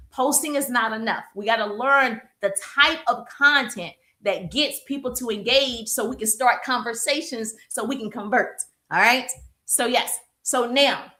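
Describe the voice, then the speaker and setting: A woman business coach giving a live-streamed coaching talk. She is emphatic and energetic, keeps checking in with "okay?" and "right?", and is warm and perspiring from exercise. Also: high-pitched. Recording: echoey room.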